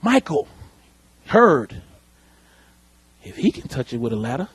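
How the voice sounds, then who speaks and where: A man preaching a lively sermon in church, calling out to the congregation. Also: mid-range voice, a little slow, slightly rough, no echo. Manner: animated preaching, calls out to the congregation. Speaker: pastor. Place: church sanctuary.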